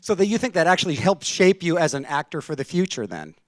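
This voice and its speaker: A man's voice: on the high side, big pitch swings, fast talker, dry recording. A man moderating a convention panel, asking loose, wordy follow-up questions.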